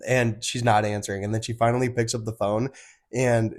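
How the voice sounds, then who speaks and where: A young man with a hoarse voice from being sick, telling a story in a casual podcast chat, animated and swearing freely. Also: fairly low pitch, brisk. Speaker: podcast co-host.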